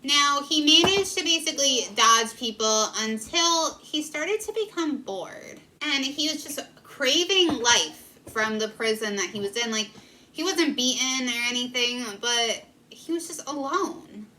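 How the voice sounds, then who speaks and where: Bright-voiced young woman telling a story. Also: high-pitched, expressive, unhurried, low-quality recording. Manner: earnest, emotional, filler-heavy. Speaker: vlogger. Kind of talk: casual storytelling.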